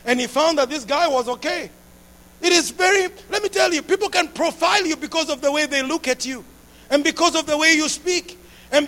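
Very high-voiced impassioned male preacher. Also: a little fast. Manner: impassioned, builds to shouting, repeats phrases. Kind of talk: sermon.

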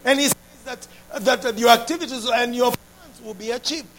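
A man preaching a sermon with passion, repeating phrases and building up to shouts. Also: extremely high pitch, steady tone, a little fast.

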